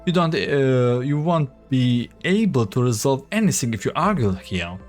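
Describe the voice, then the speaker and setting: A man voicing a flustered female manager who hurriedly tries to calm an argument. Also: mid-range voice, soft background music, lightly acted. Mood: placating. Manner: placating, hurried.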